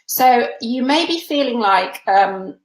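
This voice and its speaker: Woman teaching a webinar on webcam, bit high voice, chatty with lots of ums, echoey room. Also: animated, slow pace. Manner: chatty and encouraging, frequent fillers. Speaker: workshop presenter.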